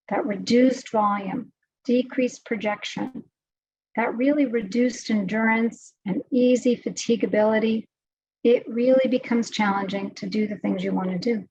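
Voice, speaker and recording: A woman voice specialist giving a health webinar presentation, explaining clearly and patiently. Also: medium pitch, a little mellow, a little hiss or hum. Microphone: video call microphone. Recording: dry, slightly dull audio.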